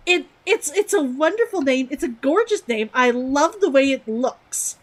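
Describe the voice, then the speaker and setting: A woman's voice: sits high, sing-song, measured pace, fairly bright tone. A woman streaming a game, chatting casually and giggling as she answers her chat.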